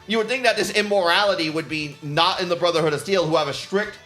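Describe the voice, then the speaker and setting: A man's voice: high voice, quick pace, pushed and bright, roomy sound, soft background music. A man streaming casually, rambling and swearing with frequent laughter. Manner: rambling, profane, laughs often. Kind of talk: casual chat while painting.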